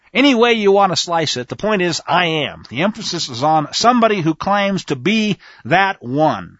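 A man leads a conversational Bible study in a high voice that leaps around his range. He is emphatic and speaks straight to his listeners. The recording is dry and a little dull. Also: moderate pace, few pauses, no echo. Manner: animated, emphatic, talks to listeners directly. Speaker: Bible teacher.

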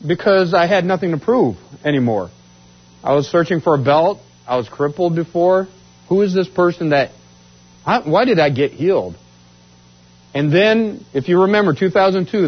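A man's voice: moderate pace, breathy edge. A man from Washington state telling his life story as a testimony, acting out what others said. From Washington state, USA. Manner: animated, acts out quotes with rising pitch. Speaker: speaker giving a testimony. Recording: dull lo-fi sound.

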